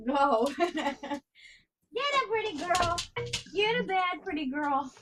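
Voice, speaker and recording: A woman's voice: very high-pitched, lively intonation, takes it slowly, music in the background. A woman co-hosting a casual livestream chat from her home, laughing, swearing and scolding her dogs. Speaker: co-host. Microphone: headphones and desk mic.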